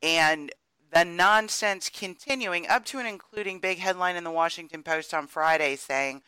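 A man's voice: sits high, normal speed, sharp tone, clean tone, dry recording, poor audio. A man co-hosting a podcast, giving emphatic, opinionated political commentary. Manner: opinionated, emphatic, builds arguments. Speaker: podcast co-host.

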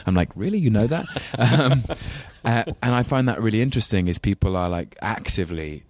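A man's voice: on the low side, animated, brisk, creaky. A man with a London English accent, a guest actor chatting in a rambling, self-deprecating way. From England. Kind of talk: casual chat.

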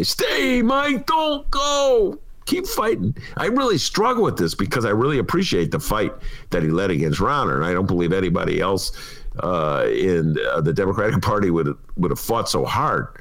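A man co-hosting a political talk show. His voice is gravelly and fairly low, and his pitch swings widely as he talks. He is animated and laughs easily. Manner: animated, laughing, mimics people mid-story. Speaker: co-host, columnist. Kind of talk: casual political chat.

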